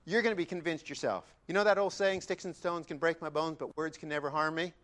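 A man preaching a sermon, emphatic, dropping to quiet repetitions and then rising loud, with chatty asides to the congregation. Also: a little high, fast, hardly any pauses. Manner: conversational asides.

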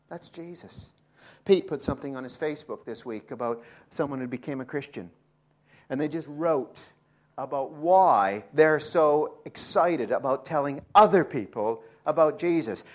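An older Englishman delivers a sermon at a middle pitch. He drops into soft, almost whispered asides, then climbs to loud, fervent declarations. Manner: animated preaching, swinging from quiet asides to loud emphatic peaks. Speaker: pastor.

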